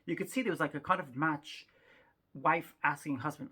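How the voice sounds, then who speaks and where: A woman's voice: low voice, moderate pace, bright, forceful tone, husky. A woman doing rambling, self-mocking stand-up storytelling, chatty with frequent asides. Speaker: stand-up comedian.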